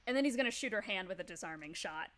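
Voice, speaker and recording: A woman's voice: medium pitch, animated, fast, a bit bright. Laid-back woman game master. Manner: casual, laughs often, lots of fillers. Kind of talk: narrating a tabletop game.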